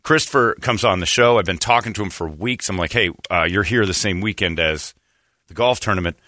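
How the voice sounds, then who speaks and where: A man's voice: low-pitched, fairly quick, no room sound, studio quality. A man hosting a radio show, telling a story in casual chat and acting out the people he quotes. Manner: animated storyteller, acts out quoted voices.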